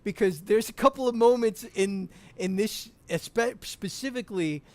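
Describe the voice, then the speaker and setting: A man chatting as a podcast guest over a call, animated, laughing often and restarting his sentences. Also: high voice, moderate pace. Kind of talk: casual podcast chat.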